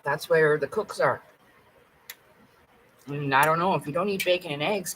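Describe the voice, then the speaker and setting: A woman's voice: sits low, normal speed, fairly bright tone, slight background noise, poor audio. A woman chatting casually to camera at home, blunt and rambling, with plenty of swearing. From Canada. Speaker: vlogger.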